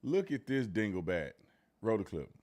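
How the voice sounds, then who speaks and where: A man hosting a live political commentary show, talking in a mocking, slangy way that swings between loud outbursts and low muttered asides. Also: sing-song, normal speed.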